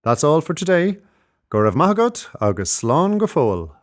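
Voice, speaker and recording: A man hosts a short language lesson with an upbeat, clear teacherly delivery. His voice sits a little high and moves in a lively, animated way. He slows down deliberately whenever he models a phrase for the learner. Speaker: Irish teacher.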